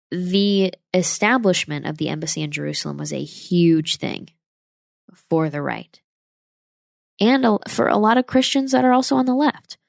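A woman's voice: low-pitched, creaky, no room sound, clean studio sound. A young woman from the United States, talking straight to her viewers in an impassioned, opinionated vlog. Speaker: travel vlogger. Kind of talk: casual opinionated vlog monologue.

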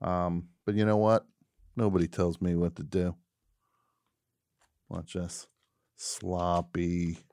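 A man's voice: low voice, level tone, takes it slowly, long pauses, a little mellow, no echo. A man hosting a live radio show from a studio, joking and sarcastic, with rambling asides. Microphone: studio mic, on camera.

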